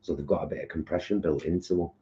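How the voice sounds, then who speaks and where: A man with a very deep voice chats casually on a live kitchen stream. He tells camp, gossipy stories. The sound is dull and lo-fi. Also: steady tone, rapid-fire, mellow. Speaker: co-host of a live cooking stream. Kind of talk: casual chat. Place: home kitchen.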